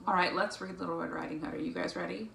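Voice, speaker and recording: A woman reading picture books aloud to a child, playful and animated, breaking into animal sounds. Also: on the low side, quick pace, vocal fry. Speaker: storytime reader. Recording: echoey room, faint noise.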